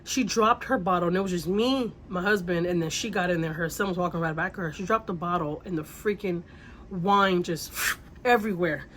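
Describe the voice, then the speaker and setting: A woman's voice: on the low side, brisk, a little hiss or hum. A woman telling a vacation story in casual storytime style, rambling and repeating herself with the odd swear word.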